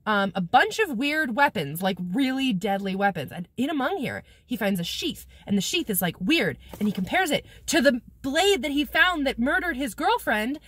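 A woman with a high voice that swoops up and down, recapping an old novel for her camera in a loose, rambling way. Her humor is sarcastic, and she giggles and swears casually. The sound is close and dry, with no room around it. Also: very animated, normal speed, hardly any pauses, a bit bright, slightly rough, no room sound. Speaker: book vlogger. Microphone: camera mic, talking to a camera viewfinder.

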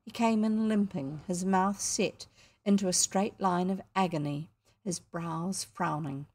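Kiwi lady reading a kids' book aloud, even measured voice. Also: lowish voice, slightly rough. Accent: New Zealand. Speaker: audiobook narrator. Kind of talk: storybook narration.

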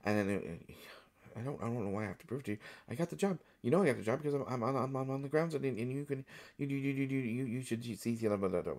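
Guy doing a wired over-caffeinated actor, stammers and repeats himself nonstop, mid-pitched, audio role-play. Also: quick pace, darkish tone, natural voice. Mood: jittery. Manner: stammering, repeating words nervously.

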